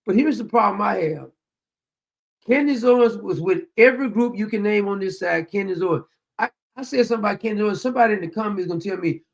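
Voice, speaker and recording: Man, gravelly, fairly high voice, blunt heated political rant. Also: quick pace. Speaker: host of commentary show.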